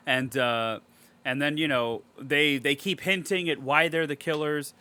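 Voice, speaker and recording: A man recapping a movie in a casual podcast chat, excitable and swearing a lot. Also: mid-range voice, normal speed. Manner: excitable, heavy swearing, animated storytelling. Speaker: podcast co-host.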